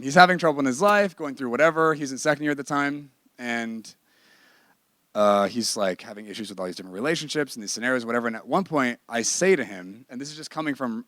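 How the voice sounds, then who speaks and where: Teaching a ministry class, a man preaches in a candid, emphatic, conversational way, punctuated by bursts of laughter. His mid-range voice is expressive, a little fast, and fairly bright in tone. The recording is studio quality, with no echo.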